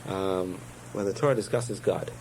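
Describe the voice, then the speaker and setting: A man's voice: deep voice, moderate pace, vocal fry, darkish tone, slight background noise, poor audio. A man giving a spoken Torah lesson, telling parables with digressions and self-corrections. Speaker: rabbi teaching a class.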